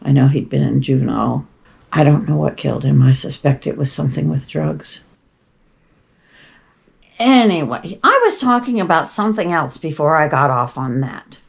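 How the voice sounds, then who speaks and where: A woman's voice: low voice, animated, moderate pace, vocal fry. An older woman hosting a show, telling rambling, chatty stories with wry asides and frequent digressions. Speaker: podcast host. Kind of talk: rambling casual storytelling.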